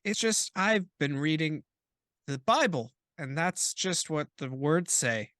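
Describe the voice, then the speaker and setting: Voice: medium pitch, expressive, takes it slowly, a bit bright, dry recording, clean studio sound. A player in a tabletop game talking casually in a chatty, rambling way.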